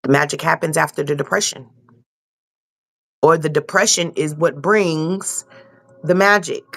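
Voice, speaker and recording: A woman's voice: sits low, measured pace, fairly bright tone. A young woman giving a loose, casual tarot reading and repeating herself often. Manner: loose, repetitive, swears casually. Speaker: tarot reader.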